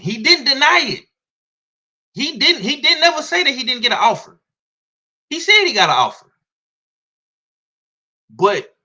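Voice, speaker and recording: A man with a Southern US accent talks boxing in loose, profane slang. His voice is bright and lively, rising and falling freely as he makes his points. He sounds blunt and opinionated. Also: on the high side. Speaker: boxing commentator. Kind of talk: casual sports commentary.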